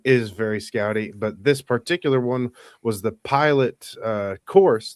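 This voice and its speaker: A man's voice: mid-range voice, no room sound, clean studio sound. A man from the southeastern United States with a Southern accent, co-hosting a casual podcast and telling a rambling story. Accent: Southern American. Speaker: podcast co-host.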